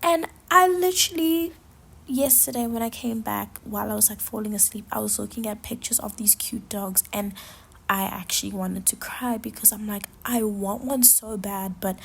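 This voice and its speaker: A young woman hosting a casual solo podcast, talking in a rambling, gushing way with lots of fillers and a soft, half-whispered delivery. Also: medium pitch, creaky, husky. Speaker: podcast host.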